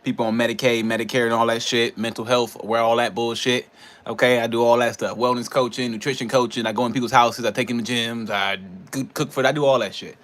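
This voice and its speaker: A man's voice: medium pitch, level tone, fast talker, fairly bright tone. A man, a personal trainer and nutrition coach, ranting in a casual vlog, frustrated and profane, rambling between laughs.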